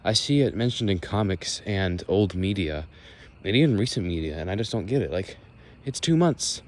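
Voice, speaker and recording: A man's voice: low voice, brisk. A young American man chatting casually while walking outdoors, rambling and sarcastic, explaining things as he goes. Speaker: vlogger. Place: outdoors walking near a road. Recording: faint outdoor and traffic noise.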